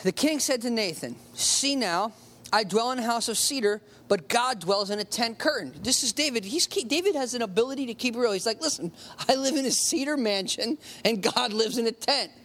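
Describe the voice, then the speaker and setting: A preacher working through a Bible passage in an easygoing, conversational sermon. The voice sits at a middle pitch and lands hard on key words, slowing down to hammer each point home. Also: expressive, fairly bright tone. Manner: conversational, emphatic, slows down to stress key words.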